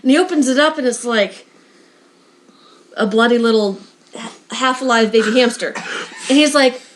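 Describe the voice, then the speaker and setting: A woman telling a story in casual chat, animated and slipping into voices for the people in it. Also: fairly high pitch, normal speed. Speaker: guest storyteller.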